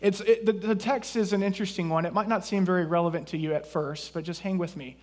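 High-voiced preaching man from Texas. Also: steady tone, fast, a little mellow. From southeast Texas. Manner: conversational preaching with jokes and asides. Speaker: pastor. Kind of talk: sermon.

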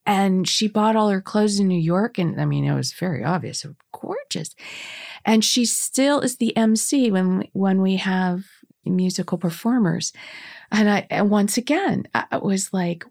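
A woman's voice: medium pitch, moderate pace, vocal fry, a little mellow, dry recording, clean studio sound. A woman in her sixties telling stories as a guest in casual conversation, chatty and laughing often, with many restarts. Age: 60s.

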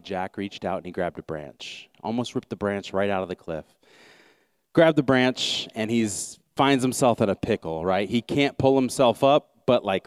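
A man's voice: on the low side, clean tone, no room sound, clean studio sound. A man with an American accent preaching a sermon in a casual, conversational way with many fillers and restarts. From United States. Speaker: pastor.

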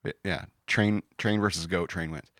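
A man's voice: low voice, fairly even intonation, normal speed, fairly bright tone, no echo, clean studio sound. A man hosting a podcast in casual banter, rambling and joking about news stories. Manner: joking, rambling, puts on silly voices. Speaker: podcast host.

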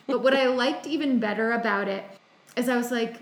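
A woman's voice: on the high side, brisk, roomy sound. A woman co-hosting a casual chat, recapping a film in a rambling way with many ums and quoted asides. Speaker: podcast co-host recapping a film.

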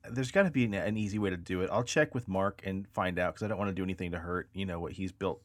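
A man's voice: low-pitched, no echo. A man co-hosting a podcast, joking and laughing in casual chat. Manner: joking, animated, quick to laugh. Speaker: podcast co-host.

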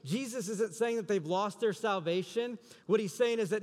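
A man preaching a sermon as pastor, building to loud, emphatic passion. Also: high-pitched, moderate pace. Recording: long hall reverb.

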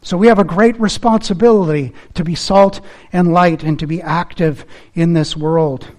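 A man's voice: on the high side, fairly even intonation, moderate pace. A man preaching a sermon in an earnest, emphatic manner, repeating key phrases, and closing in prayer. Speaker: pastor.

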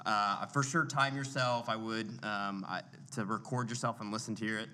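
A man's voice: lowish voice, steady tone, moderate pace, bright, forceful tone. A man in a casual chat about public speaking, hesitant and restarting his sentences often. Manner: hesitant, full of fillers and restarts.

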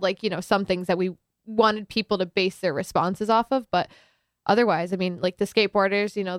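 Chatty young woman with a smooth voice. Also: mid-range voice, no room sound, studio quality. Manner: chatty, many filler likes, animated retelling. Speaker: student filmmaker guest. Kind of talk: casual interview chat.

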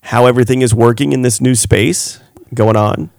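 Man, young adult, podcast co-host; mid-pitched, easygoing, dry close sound. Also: fairly even intonation, moderate pace, creaky, darkish tone, no room sound. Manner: easygoing, agreeable, reflective. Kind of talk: casual chat.

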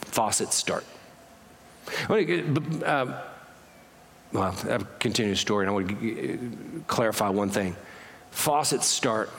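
A man's voice: lowish voice, moderate pace, gravelly, big-room sound. A man preaching a storytelling sermon as pastor, talking conversationally and often correcting himself mid-sentence.

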